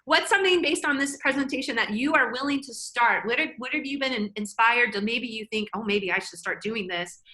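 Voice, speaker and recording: Bright, chatty woman presenter. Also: fairly high pitch, fairly quick, few pauses, poor audio. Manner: energetic, chatty, self-interrupting. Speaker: workshop presenter. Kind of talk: live webinar presentation.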